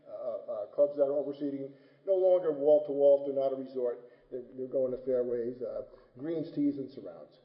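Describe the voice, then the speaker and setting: Folksy male lecturer in an echoey hall. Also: medium pitch. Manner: folksy, joking, many restarts and tag questions. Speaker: turfgrass lecturer. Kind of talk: conference lecture. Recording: dull, roomy hall recording.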